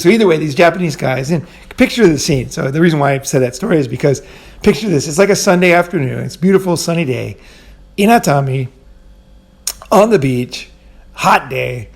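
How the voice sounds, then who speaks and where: A man with a gravelly edge and a slightly higher pitch than most men, talking off the cuff. He rambles through anecdotes with frequent fillers, swearing casually and chuckling at his own stories. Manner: rambling, loose, with many fillers and asides. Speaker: podcast host. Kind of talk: casual storytelling monologue.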